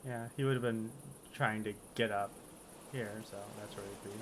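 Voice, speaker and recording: A man's voice: lowish voice, steady tone, moderate pace, noisy background. A man chatting casually as a player in a tabletop game, laid-back and joking.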